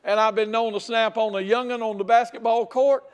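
An older man preaching a sermon, telling a folksy story with loud outbursts. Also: extremely high pitch, fairly even intonation, fairly quick, clear, resonant tone. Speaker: pastor.

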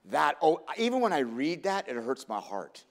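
Earnest preaching man, fairly high voice. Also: sing-song, moderate pace, creaky. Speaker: pastor. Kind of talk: sermon.

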